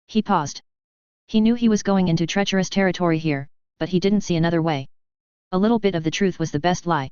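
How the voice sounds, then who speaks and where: A woman reads a fantasy fan fiction story in an even, steady voice. Her tone is very smooth and fairly low. The recording is dry and slightly lo-fi. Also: brisk, no room sound. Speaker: narrator. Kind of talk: fan fiction read aloud.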